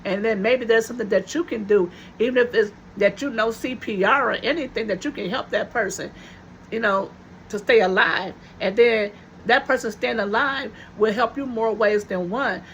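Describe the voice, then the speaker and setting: A woman's voice: a little high, a bit bright, slight background noise. A woman vlogger telling viewers a personal story in a casual, chatty way, repeating her phrases for emphasis.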